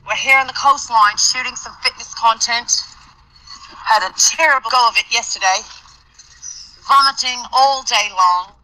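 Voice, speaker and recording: A woman putting on a hammy Australian accent, very bright. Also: fairly high pitch, normal speed, pitched above the performer's own voice, poor audio. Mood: mock posh. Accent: put-on Australian.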